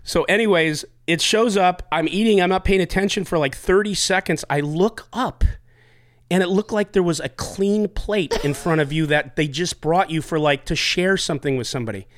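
A man hosts a podcast and tells a long restaurant story in loose casual chat. He rambles, restarts his sentences and acts out what other people said. His voice sits a little high for a man. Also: normal speed. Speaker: podcast host.

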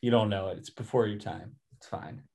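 A man's voice: fairly low pitch, fairly quick, dark tone. A man co-hosting a podcast in a casual chat, teasing the others and offering hot takes. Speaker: podcast co-host.

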